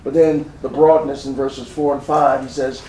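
A man's voice: mid-range voice, flat delivery, normal speed, warm tone, roomy sound, far from the mic, slight background noise, rough recording. A man preaching a sermon as pastor, building his points with emphasis and repetition.

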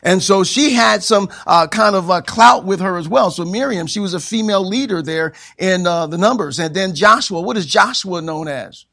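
A man's voice: high voice, moderate pace, vocal fry, hardly any pauses, bright, forceful tone. A man teaching a church Bible class, quizzing the group and saying amen after nearly every point, with frequent chuckles. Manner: says amen constantly, asks the class questions; chuckles often.

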